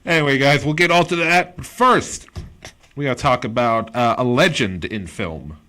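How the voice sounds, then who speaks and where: A man's voice: mid-range voice, moderate pace, pushed and bright. A man hosting a casual movie podcast as a comedian, loose and chatty, laughing often. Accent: Pittsburgh.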